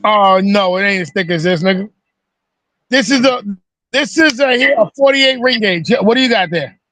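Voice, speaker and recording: A man hosting a casual video call, telling stories in an animated, profane way. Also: high voice, moderate pace, no room sound. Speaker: host. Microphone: video call mic.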